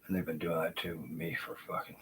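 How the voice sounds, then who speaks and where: A man's voice: deep voice, flat delivery, a little fast, fairly bright tone, slight background noise, rough recording. A man ranting in his home kitchen into a handheld phone, agitated and profane, rambling and trailing off into mutters. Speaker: vlogger. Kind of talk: unscripted rant to camera.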